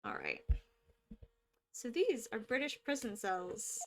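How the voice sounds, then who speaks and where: A woman gaming streamer commenting live, excitable and blunt, swearing and laughing at the game. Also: fairly high pitch, slow pace, a little hiss or hum. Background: game music.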